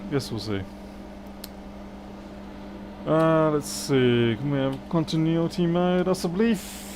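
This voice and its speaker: A man's voice: fairly high pitch, takes it slowly, noisy background. A man, a repair technician bantering with viewers and muttering to himself while he works on a live stream.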